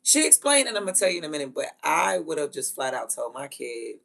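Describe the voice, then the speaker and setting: A woman who is a mother, telling stories in a blunt, profane, animated way and laughing often. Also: low-pitched, quick pace, creaky, hardly any pauses, soft background music. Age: adult with children. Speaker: vlogger. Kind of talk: casual storytelling rant.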